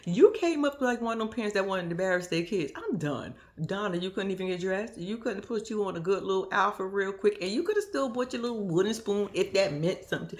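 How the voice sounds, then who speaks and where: Animated, profane young woman vlogger. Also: mid-range voice, a little fast, hardly any pauses. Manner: animated, profane, laughs often, acts out quotes. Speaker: reaction vlogger. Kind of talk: casual reality-show commentary.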